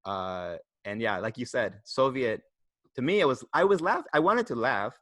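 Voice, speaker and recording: A man's voice: medium pitch, expressive, moderate pace, a bit bright, no room sound, studio quality. A man, a comedian guest on a podcast, telling a story in loose, rambling casual chat. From Houston, Texas. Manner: rambling, self-interrupting, loose.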